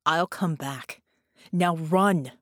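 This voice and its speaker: A woman's voice: deep voice, measured pace, no echo, studio quality. A woman voicing a protective male genie in an audiobook, talking in clipped, commanding orders.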